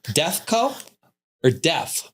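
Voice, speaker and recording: Animated high-voiced storytelling man. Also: very slow, slight background noise. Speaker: insurance agent, podcast guest. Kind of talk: casual podcast conversation.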